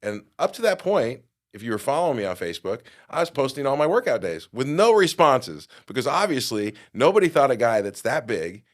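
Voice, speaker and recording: A middle-aged man telling a personal story in a podcast interview, acting out quotes and getting loud at the big moments. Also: medium pitch, brisk, few pauses. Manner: animated storyteller, acts out quotes with big jumps in loudness. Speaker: guest.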